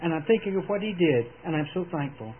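A man preaching a sermon in an earnest, emphatic way, with dramatic pauses, heard over a tinny old radio broadcast. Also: a little high, animated, slight background noise.

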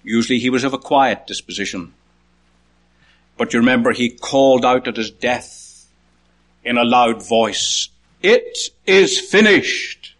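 A man's voice: fairly even intonation, normal speed, long pauses, fairly bright tone. Preacher man calling out verses. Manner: rises in pitch to call out quoted words, drops low for asides. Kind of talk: sermon.

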